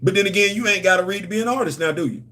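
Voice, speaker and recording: Male host, higher than usual, AAVE, casual livestream rambling, playful banter. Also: very fast, pushed and bright. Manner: loose, repetitive, playful banter with slang. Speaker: host of a comics and culture channel.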